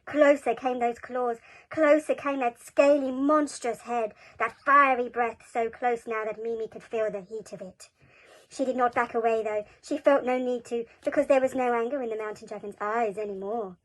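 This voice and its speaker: A woman reading a children's story aloud, gentle and expressive. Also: a little high, normal speed, rough recording. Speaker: school reader.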